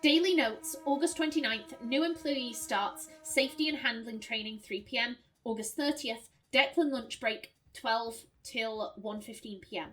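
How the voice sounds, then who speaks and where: High-voiced woman thinking aloud. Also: a little slow, hardly any pauses, a bit bright. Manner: reads clues aloud, muses and laughs easily. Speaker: let's play host. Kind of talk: thinking-aloud puzzle game commentary.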